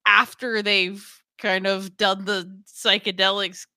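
A woman co-hosting a podcast, chatting casually with excited, quick interjections and laughter. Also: medium pitch, no echo, clean studio sound. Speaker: podcast co-host. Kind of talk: casual chat.

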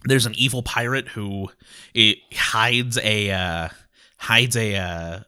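Bright-voiced man, rambling podcast co-host. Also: lowish voice, slow pace, smooth. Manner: rambling and animated, full of "like" fillers. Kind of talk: casual chat about tabletop adventures.

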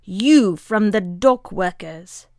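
A woman's voice: fairly low pitch, expressive, drawn-out words, dry recording, clean studio sound, full character voice. A woman voicing a hot-headed old male leftist who hurls accusations at a rival. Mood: hostile. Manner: loud, quarrelsome.

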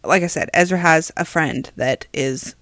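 A speaker chatting casually and reflecting warmly on a child's friendship. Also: medium pitch, normal speed, no echo. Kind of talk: casual chat.

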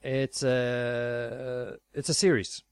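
A man's voice: mid-range voice, level tone, drawn-out words, creaky, smooth, dry recording. A man hosting a casual film review podcast, rambling with fillers and restarts and laughing easily. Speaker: podcast host.

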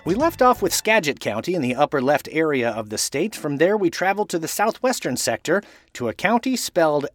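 Lively, fairly high-voiced male podcast host. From Washington state, USA. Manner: playful, corrects pronunciations slowly letter by letter. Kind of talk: scripted podcast narration.

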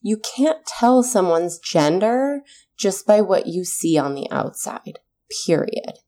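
A woman's voice: mid-range voice, big pitch swings, slow pace, mellow. A woman, a mother in her thirties, earnestly telling a personal story in a casual chat, swearing now and then when heated.

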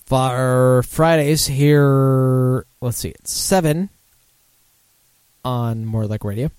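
A man's voice: medium pitch, extremely slow, darkish tone, clear, resonant tone, dry recording. A drunk man hosting a casual beer talk show, rambling, swearing and losing his thread. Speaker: podcast host.

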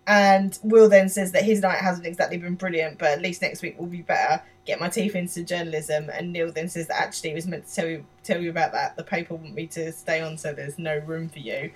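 Woman from england chatting through an episode, laughs a lot, lowish voice, sits back from the mic. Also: fairly even intonation, fairly quick, hardly any pauses, distant mic. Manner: laughs often, quotes characters while retelling. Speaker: podcast co-host. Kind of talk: casual recap of a TV episode.

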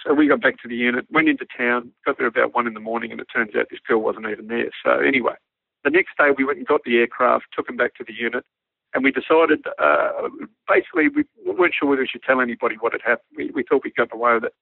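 A man with an Australian accent, a former army pilot, telling a lively anecdote and acting out the dialogue. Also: medium pitch, quick pace, gravelly, slightly rough, no room sound. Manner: animated yarn-spinning, acts out quoted dialogue. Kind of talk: storytelling anecdote on radio. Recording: narrow phone-like radio line, dry.

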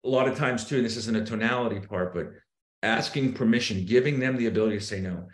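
A man in casual podcast chat, telling sales stories and acting out his phone pitches with shifting tone. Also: quick pace. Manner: animated, acts out sales calls with shifting tone. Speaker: real estate agent, guest. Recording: roomy echo.

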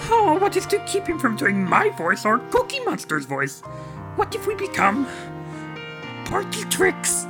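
A man's voice: extremely high pitch, wildly swooping pitch, a little slow, over music, heavily acted. A man voicing a fretful, fussy male monster puppet character in a comedy podcast skit. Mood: worried.

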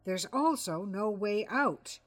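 A man's voice: high voice, expressive, slow, fairly bright tone, soft background music, full character voice. A woman voicing a fussy, self-important male crime writer who talks in a pompous, exasperated way.

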